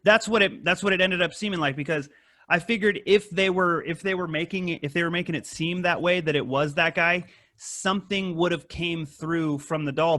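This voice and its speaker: A man hosting a casual podcast, rambling and swearing a lot, with animated retellings of stories. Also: fairly high pitch, no echo, studio quality. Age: adult with wife and kid. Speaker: podcast host. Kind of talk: casual profane chat.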